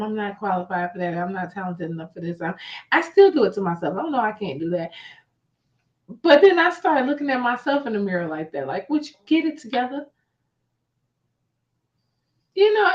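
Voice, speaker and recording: A woman co-hosting a faith talk show in casual chat, telling stories with lively acted-out quotes and frequent laughs. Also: medium pitch. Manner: lively storytelling, acts out quotes, laughs often. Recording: distant, dull lo-fi mic.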